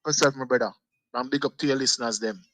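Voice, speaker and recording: A man's voice: mid-range voice, steady tone, fast, noisy background. Emphatic preachy man. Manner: preachy and emphatic, repeating phrases. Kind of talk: impassioned casual talk.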